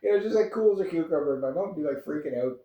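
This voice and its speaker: Talking rapid-fire in a slightly high, animated voice, this Canadian vlogger in his fifties rambles easily to camera and chuckles often. His voice sounds narrow and the audio tinny, captured far from the mic in an echoey room.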